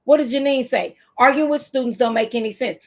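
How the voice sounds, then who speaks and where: A woman in her fifties from the United States, talking to camera as a teacher trainer in an animated, preacherly way with AAVE speech. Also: high-pitched, a little fast.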